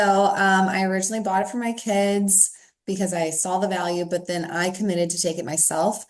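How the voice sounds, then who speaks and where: A woman fitness instructor telling her own story in a steady, earnest manner. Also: on the low side. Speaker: fitness instructor sharing a testimonial. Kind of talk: casual testimonial.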